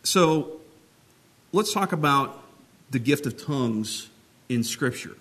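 A man's voice: medium pitch, lively intonation, takes it slowly, fairly bright tone. Male preacher, mid-range voice, plain conversational teaching tone, talks with his hands. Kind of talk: teaching sermon.

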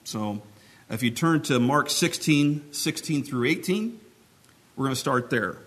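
A man's voice: medium pitch, animated, unhurried, a bit bright. Male preacher, mid-range voice, plain conversational teaching tone, talks with his hands. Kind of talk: teaching sermon.

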